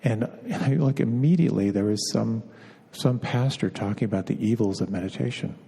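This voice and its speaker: A middle-aged man teaching meditation in a slow, halting way, often repeating a word as he feels for the next. His voice is low and mellow with a gravelly edge. Long reverb of a hall trails behind him. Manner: unhurried, halting, often repeats words as he searches. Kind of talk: spiritual talk.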